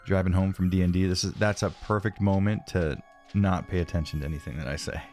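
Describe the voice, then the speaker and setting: Low-voiced man chatting on a stream. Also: fairly even intonation, quick pace, a little mellow, faint music behind. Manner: rambling, self-deprecating, reads chat aloud. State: sniffly from allergies. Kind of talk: casual live-stream chat.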